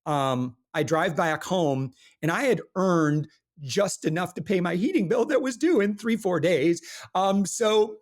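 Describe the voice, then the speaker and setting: A man guest on a business podcast, talking in an earnest, animated way and telling stories with frequent restarts. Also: high-pitched, measured pace. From Michigan, USA. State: briefly emotional while recalling hard times. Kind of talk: casual interview talk.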